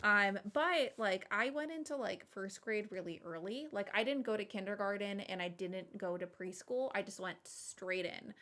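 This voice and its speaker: A woman in her thirties talks casually to her stream viewers, spinning loose, animated stories packed with fillers. Her voice is bright and clear, sitting at an ordinary pitch for a woman. She jumps between tangents with an easy, chatty energy. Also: moderate pace, few pauses. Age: 30s. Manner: rambling, animated storytelling with frequent laughs and fillers. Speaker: streamer and podcast host.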